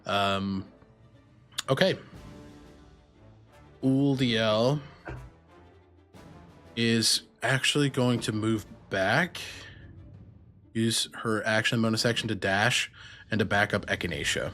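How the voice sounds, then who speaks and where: Slow, easygoing game master, man. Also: fairly low pitch, a bit bright, faint music behind. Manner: unhurried, casual rules narration. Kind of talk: running a tabletop game session.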